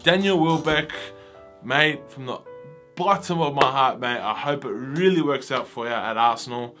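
A man's voice: medium pitch, normal speed, bright, forceful tone, faint music behind. A young man, ranting casually and wistfully as a football vlogger, saying "mate" constantly. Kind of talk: casual fan rant to camera.

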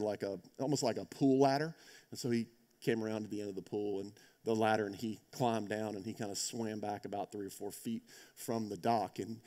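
With a voice on the low side, a male pastor preaches in a conversational, storytelling style. He climbs to loud emphasis, sinks into quiet, intense moments, and keeps checking in with "right?"

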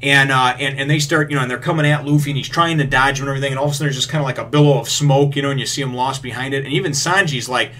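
A man hosting a manga review, recapping a chapter in a rambling way with lots of fillers and casual swearing, getting excited over the action. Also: medium pitch, racing, hardly any pauses. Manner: gets excited retelling action.

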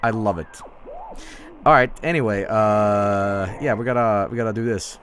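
A man's voice: on the low side, moderate pace, fairly bright tone, a little hiss or hum. A man chatting casually on a live stream, rambling and stammering with frequent laughs.

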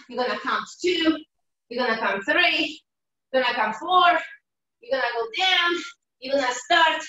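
A woman's voice: sits high, sharp tone. A woman fitness instructor leading a live online workout, energetically calling out counts and form cues. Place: home workout room on a video call. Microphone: video call, away from the mic. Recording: echoey room, distant mic.

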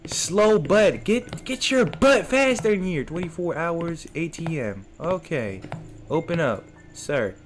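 A man's voice: on the high side, expressive, slow. A young man casually commenting while playing a game, joking and talking back to the characters in slangy speech. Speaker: gaming streamer. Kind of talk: let's play commentary. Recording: faint game music behind.

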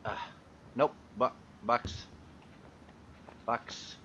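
A man's voice: drawn-out words, sharp tone, lo-fi sound, a little hiss or hum. A man giving gameplay commentary, frustrated and swearing as he talks to objects in the game. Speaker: gaming YouTuber.

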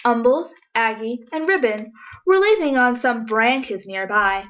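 Woman storybook reader, expressive read-aloud, somewhat high voice, muffled lo-fi recording. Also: a little slow. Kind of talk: children's picture-book read-aloud. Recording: dull lo-fi recording.

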